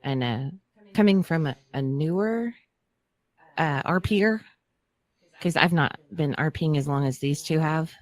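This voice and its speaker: Woman, podcast guest, casual chat, chatty, hesitant, low voice. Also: animated, a little slow, pauses often.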